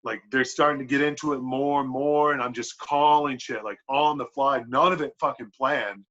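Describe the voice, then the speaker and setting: A man on a podcast telling a wrestling story in casual, animated talk, swearing a lot and filling with "like". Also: medium pitch, normal speed. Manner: animated, profane, lots of "like" fillers. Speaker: podcast guest, pro wrestler. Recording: dull lo-fi podcast audio.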